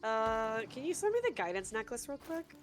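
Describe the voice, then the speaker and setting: A woman's voice: on the high side, big pitch swings, normal speed, faint music behind. A woman live-streaming a co-op game, chatting casually and rambling with lots of fillers and restarts.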